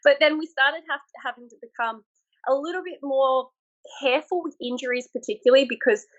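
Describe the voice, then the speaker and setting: An Australian woman in her thirties, a former military instructor, telling stories in a frank, animated way with frequent laughs, over a remote call. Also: high voice, brisk, muffled recording. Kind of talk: casual interview chat.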